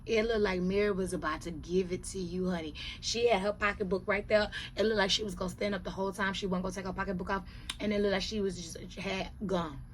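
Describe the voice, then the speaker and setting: A woman reviewing reality TV in casual, profane chat who often drops to hushed asides. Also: medium pitch, steady tone, fast talker, slight background noise.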